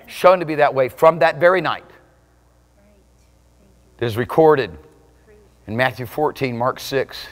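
Preaching with fervor, this pastor alternates between booming, shouted high points and quieter passages full of intensity.

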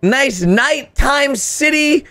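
A man hosting a casual reaction commentary in an excitable way, often bursting into loud laughter and gasps. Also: very high voice, drawn-out words, soft background music. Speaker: host.

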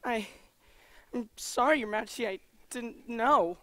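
A woman's voice: fairly high pitch, unhurried, no echo, natural voice. A woman voicing a sulky boy who stammers when frightened. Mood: nervous. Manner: stammering, whiny. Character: sulky boy, nervous before the queen. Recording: music bed behind.

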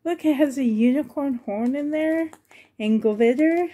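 A woman's voice: high voice, a little slow, dark tone. A woman collector gushing with delight as she unboxes reborn dolls for a vlog.

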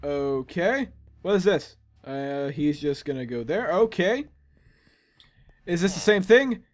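A young man with a dry, strained throat giving excitable, playful let's play commentary, often yelping and laughing. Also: a little high, slow. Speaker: gaming YouTuber.

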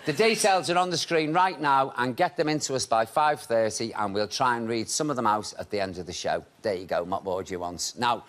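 A man hosting a television chat show, teasing his guests with camp, quick-fire jokes in front of a studio audience. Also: medium pitch, fairly bright tone. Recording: studio audience noise behind.

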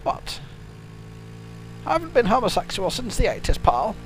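A man voicing a cranky, crude elderly father with a gravelly, fussy, deadpan manner, improvising comedy over a video game. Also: high voice, normal speed, slight background noise, heavily acted. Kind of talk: improvised comedy gaming commentary.

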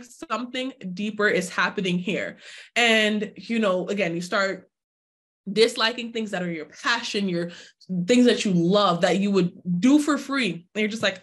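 Her medium-pitched voice is expressive and a bit bright, at normal speed. A summit speaker in her twenties, she gives a live online workshop talk, speaking directly to viewers, prompting them to answer in chat, and acting out her own inner voice in quoted asides.

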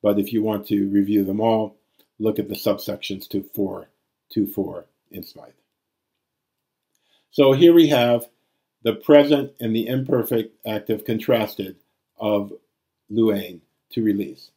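A man's voice: on the low side, steady tone, a little slow, long pauses, warm tone. A man teaching Greek grammar in a recorded lecture, reciting forms aloud.

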